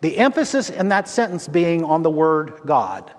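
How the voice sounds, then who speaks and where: A man preaching a sermon as a Lutheran pastor, slow and emphatic, speaking to his congregation in a church. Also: fairly high pitch, big pitch swings. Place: church sanctuary. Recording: long church reverb.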